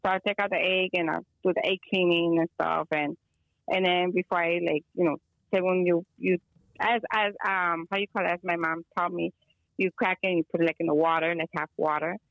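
Gravelly-voiced woman on a dull call line. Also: fairly low pitch, flat delivery, brisk, dry recording. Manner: rambling, mixes in Spanish words, many fillers. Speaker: guest healer. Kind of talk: casual storytelling on a call. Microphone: phone or video call.

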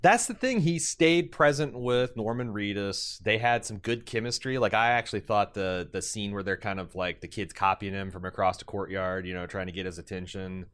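A young male podcast co-host chats casually, rambling, joking, and drifting into goofy put-on voices. His fairly low, smooth, slightly bright voice moves at a moderate pace with hardly any pauses.

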